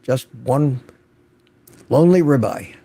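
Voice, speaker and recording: A man's voice: mid-range voice, animated, slow, warm tone. An older man hosting an unscripted livestream, chatting casually and greeting viewers by name from the chat. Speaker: livestream host.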